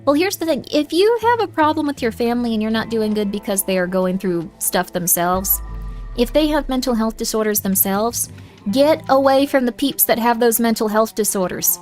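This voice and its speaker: A woman's voice: a little high, expressive, moderate pace, darkish tone, soft background music. A young woman streaming a game, giving viewers motherly advice in a put-on southern drawl and calling them honey. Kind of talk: casual livestream chat.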